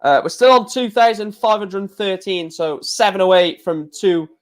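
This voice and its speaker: A man hosting a casual live stream, talking in an excitable, rambling way with many restarts. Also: sits high, moderate pace.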